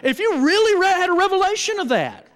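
High-voiced preacher in an echoing hall. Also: male voice, a little fast. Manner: call-and-response preaching, animated and emphatic. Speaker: pastor. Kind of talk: sermon. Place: church.

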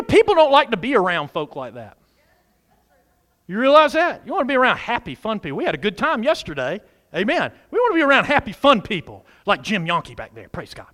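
Animated high-voiced male preacher. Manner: animated, call-and-response preaching. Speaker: pastor. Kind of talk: sermon.

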